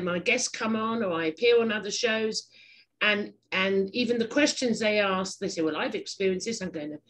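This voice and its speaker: English woman, podcast host, mid-pitched, talkative, wanders off topic. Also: poor audio. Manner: chatty, digressive, laughs easily. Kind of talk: casual interview chat.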